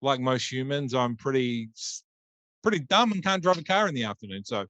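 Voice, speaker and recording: A man's voice: mid-range voice, expressive, brisk, a bit bright, no echo. A man hosting a casual podcast interview, rambling with many ums and restarts. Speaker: podcast host. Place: Auckland, New Zealand.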